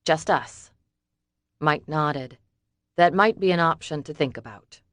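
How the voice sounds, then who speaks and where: A woman with a deep voice narrates an audiobook, reading scripted text in an even, measured way. The studio-quality recording has no echo.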